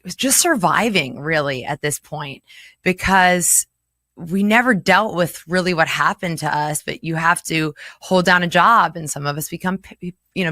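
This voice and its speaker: A woman's voice: on the low side, pushed and bright, dry recording. A woman in her forties giving a candid interview as a guest, earnest and emotional, often laughing between difficult memories. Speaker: interview guest, local chapter chair.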